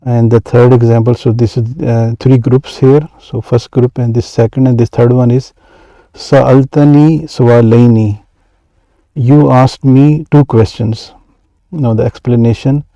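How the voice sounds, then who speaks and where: Male teacher, dark mellow voice, halting delivery full of fillers, dry close recording. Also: mid-range voice, steady tone, dry recording, dull audio. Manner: hesitant, many fillers and restarts, reads Arabic quickly then translates. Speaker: Arabic grammar teacher. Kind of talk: explaining lesson examples.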